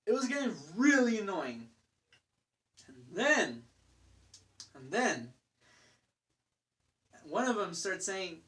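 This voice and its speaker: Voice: medium pitch, sing-song, takes it slowly, pauses often, fairly bright tone. A young adult vlogger telling an exasperated story in a casual rant, swearing freely and using lots of fillers. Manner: profane, exasperated ranting with fillers.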